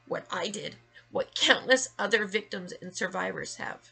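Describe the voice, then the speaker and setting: Husky, gravelly woman ranting angrily. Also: mid-range voice, moderate pace, bright, forceful tone. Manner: angry, emphatic, swearing. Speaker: vlogger sharing her story. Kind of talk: emotional rant to camera.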